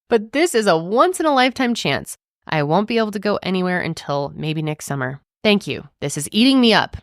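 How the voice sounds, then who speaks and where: A woman co-hosting a podcast, chatting casually and reading a forum post aloud in an animated way. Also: mid-range voice, normal speed, no room sound, clean studio sound. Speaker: podcast co-host.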